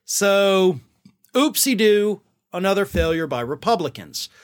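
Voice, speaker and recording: A man's voice: high voice, lively intonation, unhurried. A man hosting a political commentary show, talking in a sarcastic, exasperated way. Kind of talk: opinionated commentary monologue.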